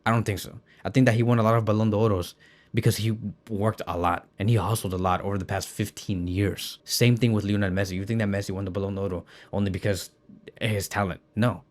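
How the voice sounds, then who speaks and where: A man's voice: fairly low pitch, steady tone, fairly quick. Impassioned man arguing football opinions. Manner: impassioned, emphatic, repeats words. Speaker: football commentator. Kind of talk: passionate opinion monologue.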